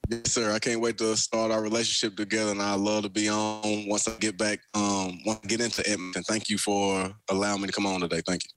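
This young man, a pro football player from Alabama with a Southern American accent, talks fast with few pauses in a lowish voice. He's a radio interview guest in a casual setting, telling stories in an animated, folksy way.

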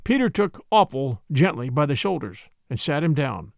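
A man reading a story aloud with lively, expressive delivery. His voice sits a little high, and the sound is close and dry. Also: normal speed, vocal fry, no echo. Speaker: narrator.

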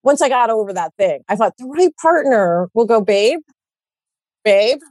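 A woman in her forties in a casual podcast conversation, animated, blunt and emphatic, and she swears freely. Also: a little high, fairly quick, dry recording. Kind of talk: casual chat.

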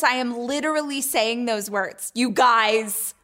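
A woman hosting her own weekly show, telling a story in a chatty, animated way, full of "like" and acting out her own thoughts in whispers and squeals. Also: fairly high pitch, unhurried, few pauses. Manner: chatty, lots of "like". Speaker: show host. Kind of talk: casual storytelling chat.

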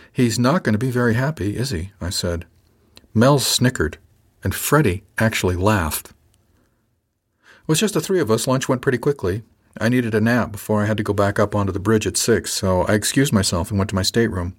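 Low-ish guy reading an audiobook, steady measured first-person telling. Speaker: audiobook narrator.

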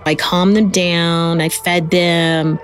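A woman's voice: on the low side, flat delivery, takes it slowly, faint music behind. A woman in an interview, earnestly recalling events as a close family friend. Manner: earnest retelling with quoted dialogue. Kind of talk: recounted personal story.

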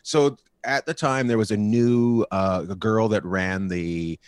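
A man's voice: on the low side, steady tone, measured pace, smooth, no echo. A male guest comedian telling a road story in casual chat, profane and laughing as he goes.

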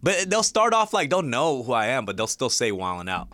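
A man's voice: medium pitch, big pitch swings, a little fast, a bit bright, dry recording. A man co-hosting a podcast, talking in a laid-back, drawling way and laughing easily. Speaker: guest co-host. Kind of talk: casual podcast chat.

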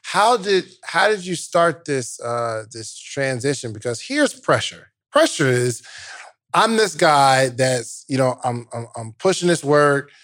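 Halting male interviewer. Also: mid-range voice, big pitch swings, fairly bright tone. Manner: halting, searching for words. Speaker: host. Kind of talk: casual interview.

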